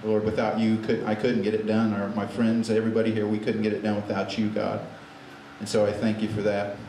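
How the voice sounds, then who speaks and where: A low-voiced man runs a memorial gathering in a plain, halting way, stopping often on fillers. His voice stays flat and level. The sound carries an echoey room and a faint hiss. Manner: halting, with many fillers and restarts. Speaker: memorial service emcee. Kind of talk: informal memorial speech and prayer.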